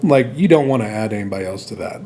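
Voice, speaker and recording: A man's voice: on the low side, animated, fast talker, dark tone, slight background noise. A man hosting a podcast, chatting casually, blunt and supportive, cursing freely. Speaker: podcast host. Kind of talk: casual conversation.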